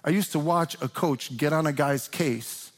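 A long reverb from a large church hall surrounds this pastor's impassioned sermon. His slightly high voice, at an ordinary pace, pushes forcefully on each point and climbs into emphatic, urgent questions for the crowd.

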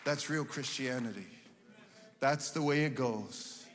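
A male pastor preaching a sermon, building to loud shouted emphasis, in a church. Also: a little high, a little slow. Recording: long reverb of a church hall.

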